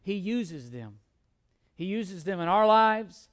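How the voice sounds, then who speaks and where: Lively and self-mocking, a middle-aged pastor with a notably high voice for a man tells a humorous personal story in the pulpit, restarting quickly before settling into his sermon.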